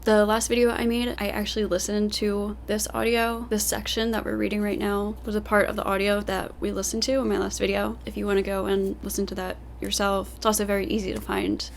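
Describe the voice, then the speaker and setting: A woman host talks casually and reads quoted lines aloud in a chatty way. Her voice has a gravelly, fried edge, and a faint hum sits behind her. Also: mid-range voice. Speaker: commentary host. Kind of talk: casual commentary and reading quotes.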